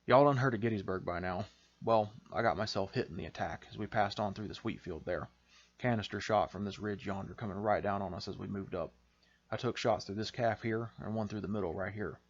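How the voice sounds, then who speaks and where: A man's voice: on the low side, brisk, lo-fi sound. A man voicing a shy, sickly rural infantry veteran, with a folksy, hesitant drawl. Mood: plain.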